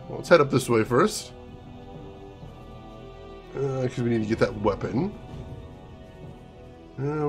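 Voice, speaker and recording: A man's voice: fairly high pitch, fairly bright tone. A man casually commenting as he plays a video game and reads chat aloud. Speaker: gaming streamer.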